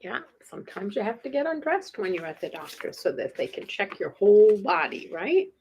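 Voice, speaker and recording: A woman's voice: medium pitch, very animated, normal speed, a little mellow, a little hiss or hum. A woman reading a picture book aloud to young children, playful and chuckling, often asking her listeners questions. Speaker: children's storytime reader.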